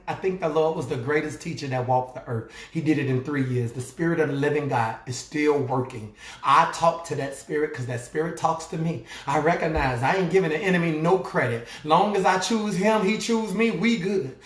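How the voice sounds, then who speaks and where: A man from Chicago with a Chicago accent, a life coach giving loud, preacher-like motivational coaching with call and response and scripture. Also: a little high, recorded from a distance. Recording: echoey room.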